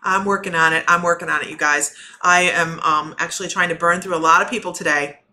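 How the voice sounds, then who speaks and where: A woman's voice: on the low side, steady tone, brisk, bright, forceful tone. A woman working as a spiritual medium, chatting loosely to viewers on a live stream, rambling and cutting herself off and laughing often. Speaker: spiritual medium giving readings.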